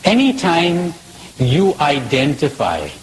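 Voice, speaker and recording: A man's voice: a little high, huge pitch swings, slow pace, a little hiss or hum, poor audio. A man giving a spiritual talk in a playful, questioning way, mixing jokes with reflection. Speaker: spiritual speaker.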